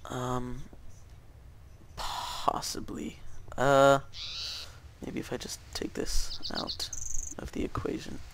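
A man's voice: medium pitch, monotone, slow pace, a bit bright, clear, resonant tone, whispered. A young man rambling through casual gameplay commentary, hesitant, with many fillers and restarts. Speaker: gaming YouTuber.

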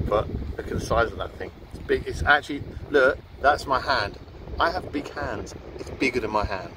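A man's voice: mid-range voice, expressive, moderate pace, noisy background. A man hosting a casual food review vlog outdoors on the coast, cheeky and joking. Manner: cheeky, joking, laughs a lot. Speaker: food vlogger host.

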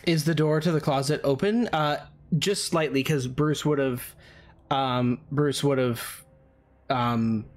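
A man narrating a tabletop game as game master, in descriptive, halting narration with fillers. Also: medium pitch.

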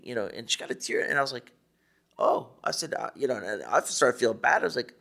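A man's voice: on the low side, fast talker, vocal fry, sharp tone. A man, a tattooer on a podcast panel, telling shop stories in a rambling way full of restarts and "you know". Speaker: tattooer guest. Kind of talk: casual panel chat.

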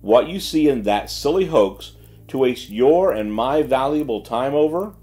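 A man's voice: mid-range voice, expressive, unhurried, warm tone, soft background music, close to an everyday voice. A man voicing a sarcastic, stern detective chief giving orders in a dry, businesslike way.

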